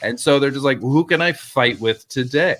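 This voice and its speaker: Canadian co-host, even middle voice, thoughtful storyteller, steady pace. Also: male voice, medium pitch. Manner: measured, thoughtful, hesitant fillers. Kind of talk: casual chat, storytelling.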